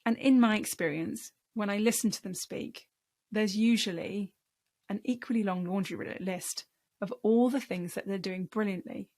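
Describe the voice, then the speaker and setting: A woman's voice: mid-range voice, normal speed, darkish tone. A woman, teaching public speaking skills to camera in an emphatic, encouraging coaching tone. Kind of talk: speaking-tips lesson to camera.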